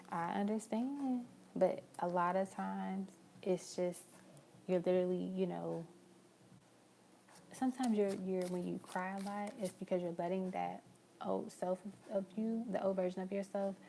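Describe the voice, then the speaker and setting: A young woman reads tarot on a live stream in a low, gravelly voice with a mellow, dark tone. She chats casually and affectionately, calling the viewer girl and love, over a faint hum in the background. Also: steady tone, a little slow. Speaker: tarot reader.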